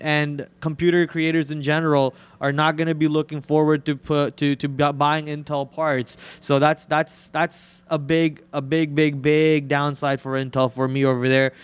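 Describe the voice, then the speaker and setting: Smooth-voiced man joking through live trading. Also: a little high, no room sound. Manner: joking, rambling, repeats words. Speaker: trading stream host. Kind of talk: casual live trading chat.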